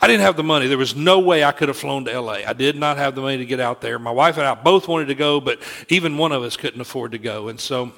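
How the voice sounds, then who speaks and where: A man's voice: medium pitch, fast, gravelly, few pauses, fairly bright tone. A middle-aged man preaching a sermon, telling a personal story in an earnest way and often restarting his sentences.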